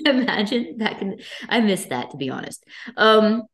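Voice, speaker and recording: A woman from Boston hosting a casual podcast interview, chatty and energetic, laughing often. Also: mid-range voice, unhurried. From Boston, US East Coast. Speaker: podcast host.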